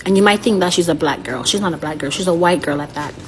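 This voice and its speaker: A woman's voice: on the low side, fast, slight background noise. A woman telling a personal story in an earnest, confiding way.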